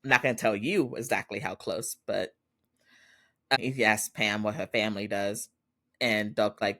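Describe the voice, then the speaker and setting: A man's voice: on the low side, steady tone, normal speed, pushed and bright, no echo, studio quality. A man hosting a podcast, recapping a drama episode in a chatty way, laughing often and acting out the characters' lines. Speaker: podcast host.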